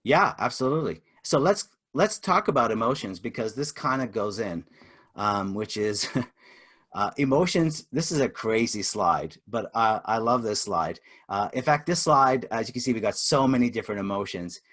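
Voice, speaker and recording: Brief: middle-aged male communications trainer, relaxed and conversational, full of fillers. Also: on the low side, normal speed. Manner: chatty, many fillers, acts out example dialogue. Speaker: webinar presenter and communications trainer. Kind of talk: interactive webinar teaching.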